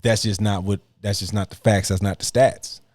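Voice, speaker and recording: A man's voice: fairly low pitch, fairly even intonation, moderate pace, darkish tone, no echo. A man hosting a podcast, reacting to clips in blunt, profane casual commentary and laughing mockingly.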